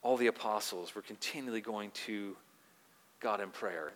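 A man preaching a sermon in an earnest manner. He grows louder when he quotes scripture and drops soft on quieter points. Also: lowish voice, moderate pace, big-room sound. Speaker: pastor.

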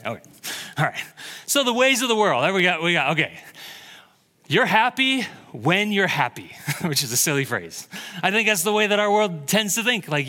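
Male pastor, bright and lively, preaching in a reverberant hall. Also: fairly high pitch. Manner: animated storytelling, laughing at own jokes. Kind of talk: sermon.

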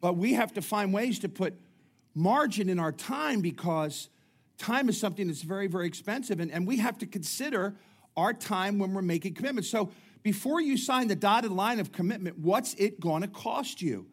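A middle-aged man delivers a sermon in a conversational, joking way, often restarting his sentences. His voice sits a little high for a man. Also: animated, normal speed. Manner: conversational preaching with humorous asides and frequent restarts. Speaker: pastor.

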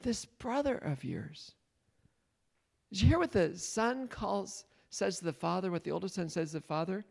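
A man's voice: high-pitched, expressive, fairly quick, gravelly, hardly any pauses, darkish tone. A man leading a Bible study, retelling a story and questioning his listeners, laughing often. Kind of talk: interactive Bible teaching.

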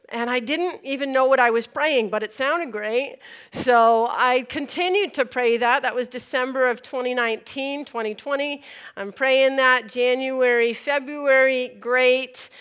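Bright high-voiced woman telling a testimony. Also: measured pace, clean tone. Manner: animated storytelling, acts out scenes. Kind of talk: testimony sermon.

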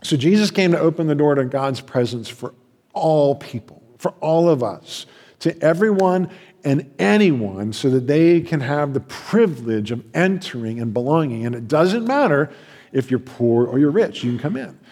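A man preaching a sermon as a pastor, passionate, swinging between loud emphasis and hushed asides. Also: on the high side, lively intonation, moderate pace. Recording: long hall reverb.

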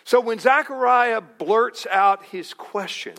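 A middle-aged male pastor preaching a sermon, animated and acting out quotes with chuckles. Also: fairly high pitch, a little slow.

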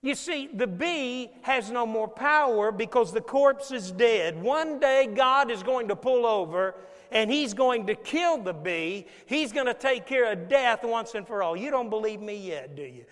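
A man's voice: very high voice, lively intonation, a little slow, fairly bright tone. A man preaching a sermon, telling stories and asking his listeners questions as he goes. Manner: storytelling preacher, acts out scenes and asks the congregation questions. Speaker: pastor. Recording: long hall reverb.

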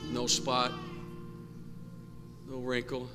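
A man preaching a sermon as pastor, impassioned and rising to shouts, in a church sanctuary. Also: mid-range voice, completely flat delivery, extremely slow, music in the background. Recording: long church hall reverb, faint noise.

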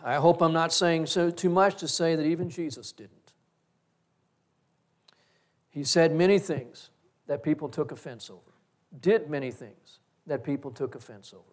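Middle-aged man preaching, earnest and reflective, telling personal stories in a fairly high voice. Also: moderate pace, pauses often. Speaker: pastor. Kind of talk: sermon.

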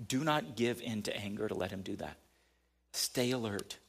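A man's voice: fairly low pitch, lively intonation, fairly quick, gravelly, breathy edge. A man preaching a sermon in a conversational way, building to emphatic peaks. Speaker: pastor.

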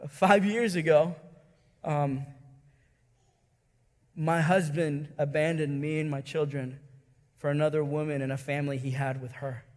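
High-voiced man preaching in a reverberant hall. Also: steady tone, a little slow, long pauses. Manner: storytelling with emotional swings, repeats words. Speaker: pastor. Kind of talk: sermon. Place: church hall.

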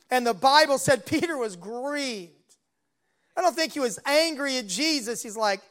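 A man's voice: very high voice, expressive, normal speed, a bit bright. A man preaching a sermon and retelling a Bible story, voicing its dialogue along the way.

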